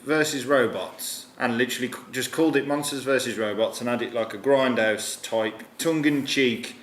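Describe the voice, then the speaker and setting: A man with a mid-range voice talks a little fast in an echoey room with faint noise. He's a film reviewer in animated casual chat, swearing casually and slipping into silly voices.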